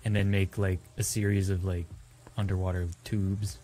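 Low-voiced young man, halting chat. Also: soft background music. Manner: relaxed, halting, lots of fillers. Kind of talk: casual gaming chat.

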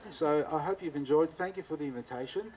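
Animated Australian man telling a story. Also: on the high side, fast, noisy background. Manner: animated, acts out both sides of dialogue. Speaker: cooking teacher giving a talk. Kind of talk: anecdotal storytelling talk.

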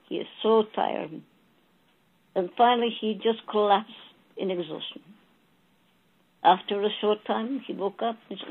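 Husky woman telling a spiritual fable. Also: mid-range voice. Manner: slow, storytelling, addressing listeners as beloved souls. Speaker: channeler. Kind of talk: channeled spiritual message with a fable. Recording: tinny phone-like audio.

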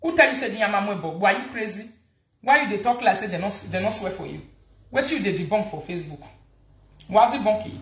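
A Nigerian woman hosting a gossip vlog, talking in a mocking, animated way and repeating words for emphasis. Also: medium pitch, quick pace, roomy sound. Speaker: gossip vlogger. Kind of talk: casual gossip commentary.

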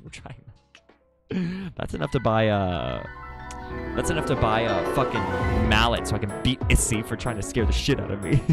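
Animated, gravelly-voiced male streamer. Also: mid-range voice. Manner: excitable, swears a lot, laughs often, reads chat aloud. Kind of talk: casual live-stream chat while drawing.

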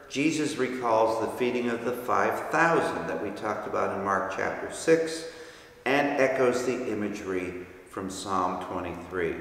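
A man with a somewhat low voice leads a Bible study lecture and patiently works through each term. His voice rings around a very echoey church hall with a long reverb tail. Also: vocal fry, fairly bright tone. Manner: patient, explains terms step by step.

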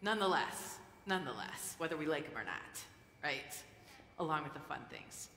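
A woman's voice: low voice, big pitch swings, moderate pace, a bit bright, slight background noise. A woman pastor leading prayer and then giving a playful, coaxing children's message during a church service. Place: church sanctuary. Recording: echoey church hall with long reverb.

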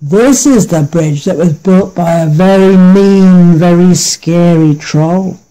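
A man's voice: high-pitched, expressive, fairly quick, darkish tone, poor audio. A man voicing a timid, middle-sized male billy goat who talks in a cautious, fussy way. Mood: wary.

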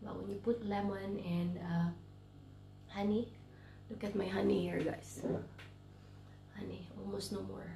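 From her bedroom at home in self-quarantine, a woman with a cold, a vlogger and English teacher, chats casually in a tired voice that often falls to a whisper. She speaks unhurriedly in a mid-range, gravelly voice with a level tone. The sound is reverberant, with a noisy background.

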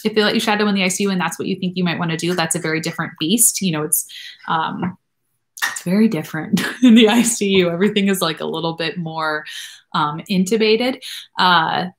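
A woman in her thirties hosts a live question-and-answer stream, answering viewers in a loose, rambling way full of fillers and side tangents. Her voice sits a little low for a woman. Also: a little fast, slight background noise. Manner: rambling and chatty, many fillers and asides. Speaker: nurse practitioner and channel host.

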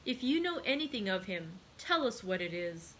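A woman's voice: mid-range voice, very animated, moderate pace, a bit bright, a little hiss or hum. A woman reading aloud as an earnest young man who speaks urgently. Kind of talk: read-aloud storytelling.

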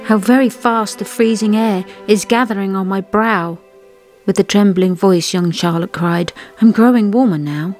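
A woman, co-host of a craft and history show, reciting verses of an old poem in a measured way. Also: mid-range voice, steady tone, a little mellow, faint music behind. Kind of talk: reading a poem aloud.

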